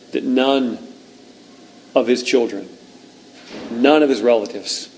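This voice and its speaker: A man preaching a sermon, reading scripture and retelling it with lively, acted-out lines. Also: medium pitch, a little hiss or hum, low-quality recording. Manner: animated storytelling, reads scripture aloud, acts out shouts. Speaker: pastor.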